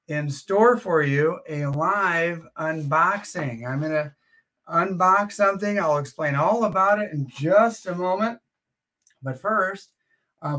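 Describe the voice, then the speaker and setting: A man hosting a live auction stream from home, chatting casually with plenty of "uh" fillers. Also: high-pitched. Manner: chatty, relaxed, frequent "uh" fillers. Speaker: livestream auction host. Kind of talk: casual livestream chat.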